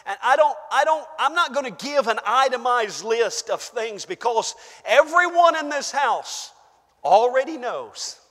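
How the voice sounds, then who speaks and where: A very high, bright-toned man preaches in a church, his voice ringing with a long hall reverb. He pushes to fervent shouted peaks, then sinks to hushed asides, calling out to his congregation as he goes. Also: expressive, unhurried. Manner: calls out to the congregation. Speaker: pastor. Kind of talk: sermon.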